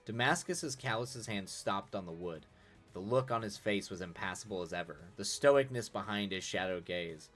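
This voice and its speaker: Deep-voiced man reading a story aloud. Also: lively intonation, normal speed, a bit bright. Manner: casual, laughs and corrects his own slips. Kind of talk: live-streamed reading with casual asides. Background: faint music.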